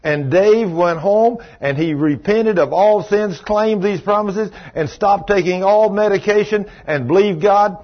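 A man preaching a sermon as pastor, telling stories and swinging from loud exclamations to hushed, low passages. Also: a little slow, hardly any pauses, dull audio.

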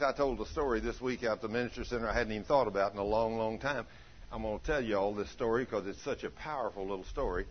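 An older man, a pastor telling a story in a sermon, folksy, rising to loud emphatic peaks. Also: lowish voice. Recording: dull lo-fi sound.

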